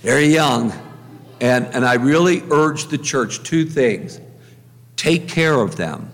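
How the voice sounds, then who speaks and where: Older priest with a ringing church echo. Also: male voice, mid-range voice, expressive, takes it slowly, fairly bright tone. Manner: chatty storyteller, jokes and repeats himself. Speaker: pastor. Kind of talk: humorous farewell talk from the pulpit. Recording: long church reverb.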